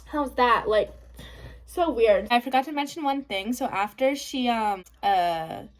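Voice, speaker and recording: A young woman tells a storytime on her vlog in a high, bright voice. She is sassy and blunt, swearing often and filling her talk with "like". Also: expressive, unhurried. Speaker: vlogger. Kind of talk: casual storytime rant.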